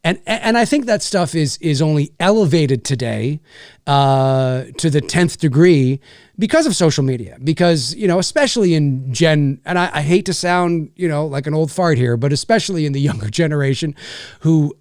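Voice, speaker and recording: A man's voice: fairly high pitch, moderate pace, a little mellow, dry recording, studio quality. A man hosting a casual livestream rant, rambling and swearing, with many restarts. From Canada. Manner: rambling, profane, frequent restarts. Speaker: YouTube host.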